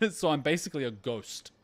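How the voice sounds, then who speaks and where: A man's voice: a little high, lively intonation, normal speed. Swearing, rambling male game streamer. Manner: rambling storyteller, swears, laughs often. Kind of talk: casual chat over gameplay.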